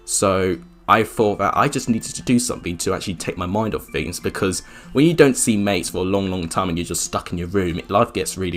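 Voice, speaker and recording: A young man around twenty who chats casually while reacting to his old video and pokes fun at himself. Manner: chatty, self-mocking, jumps up in pitch when surprised. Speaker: YouTuber.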